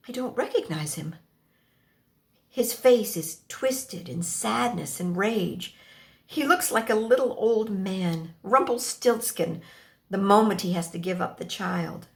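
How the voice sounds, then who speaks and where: Slow, gravelly woman telling a story. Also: on the low side. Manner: slow, expressive, acts out the dialogue. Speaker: stage performer reading a story. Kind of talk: dramatic first-person story reading.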